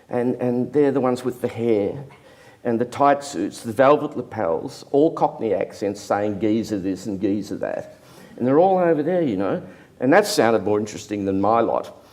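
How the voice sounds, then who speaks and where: An older artist telling a self-deprecating anecdote in a lively, rambling interview manner. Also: male voice, mid-range voice. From Australia. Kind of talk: anecdotal storytelling.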